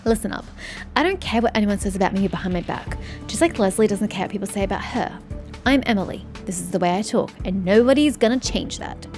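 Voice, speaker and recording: A woman reading game dialogue aloud, voicing a blunt, sharp-tongued young woman researcher who is secretly socially awkward. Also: medium pitch, animated, fast talker, faint music behind, lightly acted. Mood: brusque. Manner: curt and prickly, turning flustered.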